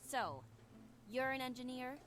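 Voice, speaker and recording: A woman's voice: high-pitched, expressive, a little slow, fairly bright tone, a little hiss or hum. An actress voicing a blunt, skeptical young female pilot in a game, with dry delivery.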